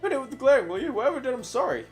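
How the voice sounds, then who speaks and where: A man doing a loud, goofy guy. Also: sing-song, rapid-fire. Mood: whiny. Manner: loud, high and bouncy. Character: goofy, excitable young man, scatterbrained. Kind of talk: reading game dialogue aloud. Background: loud game music.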